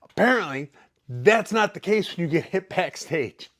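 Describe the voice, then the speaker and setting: Animated man telling a story, slightly high voice. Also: normal speed. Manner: animated, acts out quotes and sound effects. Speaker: professional fighter. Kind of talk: casual storytelling.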